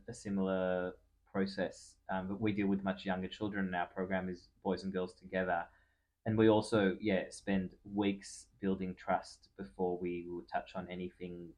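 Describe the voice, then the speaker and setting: A man's voice: sits low, a little mellow. A man hosting a podcast who speaks in a thoughtful, reflective way with many "you know" fillers. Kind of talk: casual conversational interview.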